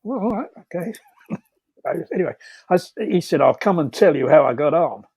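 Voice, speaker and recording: A man's voice: on the high side, lively intonation, normal speed, vocal fry, darkish tone, slightly rough, no echo. A man telling rambling anecdotes over a video call, laughing often, with many fillers and restarts. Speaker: storyteller guest.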